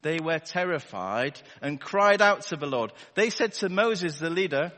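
Speaking a little slowly, this man has a slightly high, pushed, bright voice with lively intonation. He delivers a chatty, wry sermon to a live congregation in a church hall, posing rhetorical questions through a wireless battery microphone as the big hall rings with long reverb.

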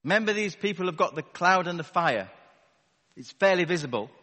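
A man's voice: sits high, expressive, brisk, sharp tone. Wry, chatty male preacher in a reverberant hall. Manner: conversational and wry, asks the congregation rhetorical questions. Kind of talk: sermon. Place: church hall with a live congregation. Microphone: wireless battery microphone. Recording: long reverb of a large hall.

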